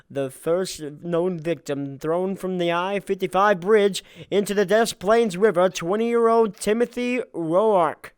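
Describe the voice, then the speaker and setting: Man, high voice, clear tone, dry sound, casual true-crime podcast reader, stumbles over names, swears. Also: a little mellow, no room sound. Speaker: podcast co-host reading the case.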